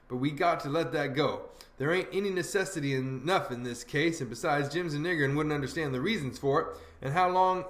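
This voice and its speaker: A man's voice: fairly high pitch, a bit bright. A man voicing a bossy, know-it-all teenage boy who lectures in folksy dialect, in an audiobook reading. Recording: roomy echo.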